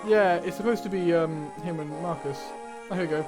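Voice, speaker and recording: A man's voice: a little high, fairly quick, over music. A man casually commenting while playing and reading through a video game, with offhand asides. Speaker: video game player narrating. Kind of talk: casual let's-play commentary.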